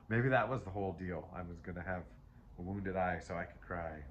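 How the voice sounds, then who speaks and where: A man's voice: low-pitched, normal speed, slight background noise. Rambling man giving a tarot reading. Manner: rambling and self-interrupting, with frequent restarts; chatty and emotional, laughs often. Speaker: tarot reader. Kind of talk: casual spoken tarot reading.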